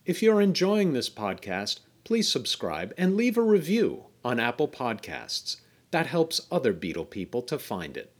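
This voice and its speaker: A man hosting a podcast, reading a scripted, explanatory narration with a gently wry touch. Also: mid-range voice, very animated, unhurried, breathy edge. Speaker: podcast host.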